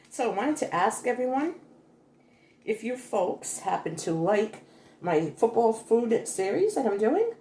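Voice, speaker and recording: A woman's voice: mid-range voice, dark tone, echoey room, slight background noise. An older woman hosting a homey cooking vlog, chatty and correcting herself as she talks through a recipe in her kitchen. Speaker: cooking vlogger. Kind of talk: casual cooking demonstration. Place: home kitchen.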